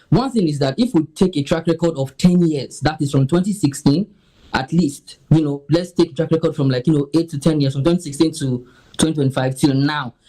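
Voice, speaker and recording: A man's voice: a little high, dark tone, rough recording. Articulate activist man. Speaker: education rights activist, studio guest. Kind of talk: TV studio interview.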